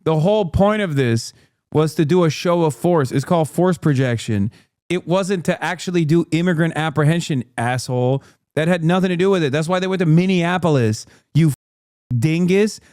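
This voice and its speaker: A man's voice: on the high side, moderate pace, darkish tone, clean tone, no room sound, studio quality. A man hosting a stream, reacting to news with sarcastic, profane, casual political commentary. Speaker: streamer host.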